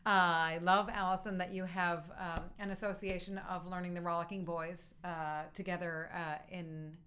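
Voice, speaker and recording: A woman's voice: fairly low pitch, little pitch movement, moderate pace, fairly bright tone. A woman hosting an online music session, greeting viewers in a cheerful, chatty way and laughing often. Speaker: music teacher and session host. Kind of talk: casual online music lesson chat.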